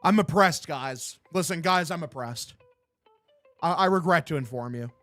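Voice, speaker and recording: A young man hosts a baseball watch-along stream, calling each pitch in a loose, casual way. He drops crude jokes and banter with his chat between plays. His voice sits slightly high, and it is recorded close and dry. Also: normal speed, fairly bright tone, no echo, faint music behind. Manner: crude, joking banter while reading chat. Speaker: streamer host.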